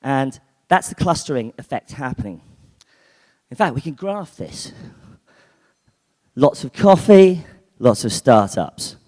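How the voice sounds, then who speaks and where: A man's voice: mid-range voice, sing-song, slow pace, pauses often, mellow. A man giving a chatty conference keynote, full of fillers and restarts. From United Kingdom. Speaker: conference speaker. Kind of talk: keynote talk. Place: conference hall. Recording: long hall reverb.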